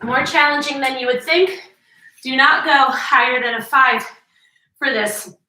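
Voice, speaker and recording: A woman's voice: high voice, unhurried, sharp tone. A middle-aged woman, out of breath and sighing between sets, leading a workout and coaching the form while she counts reps. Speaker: fitness instructor. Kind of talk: workout instruction. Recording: echoey room, mic at a distance.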